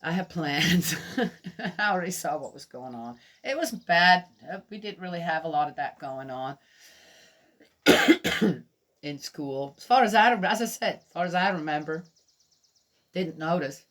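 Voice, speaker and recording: A middle-aged woman from Switzerland teaches a Bible lesson through personal stories. Her voice is bright. She talks in a chatty way, laughs often and keeps asking her listeners questions. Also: on the low side, expressive, measured pace, pauses often. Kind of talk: storytelling sermon.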